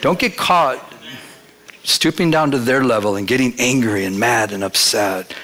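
Bright-voiced earnest male preacher. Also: mid-range voice, moderate pace. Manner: earnest, conversational, repeats phrases. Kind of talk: sermon with personal storytelling.

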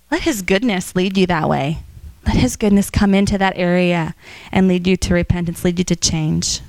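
Woman teaching a church class, smooth voice. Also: medium pitch, moderate pace, no room sound. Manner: storytelling, animated quotes, frequent fillers.

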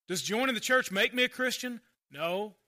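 A male pastor preaching a conversational sermon, swinging between loud emphasis and quiet asides. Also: extremely high pitch, animated, normal speed.

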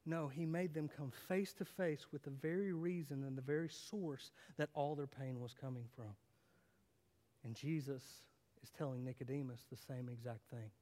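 A man preaching a sermon as a pastor, swinging from loud emphatic lines to low quiet ones and asking the congregation questions. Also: steady tone, normal speed, in a large hall. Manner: dramatic, rising and falling intensity, rhetorical questions.

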